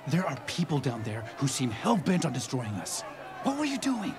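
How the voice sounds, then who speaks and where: An actor playing a stern young male councilor in an animated series, reproachful. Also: medium pitch, moderate pace, noisy background.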